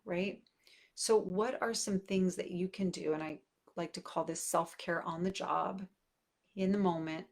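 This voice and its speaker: A parenting coach in her forties talks candidly and conversationally straight to camera for her viewers, using lots of fillers. Her voice is on the low side and creaky.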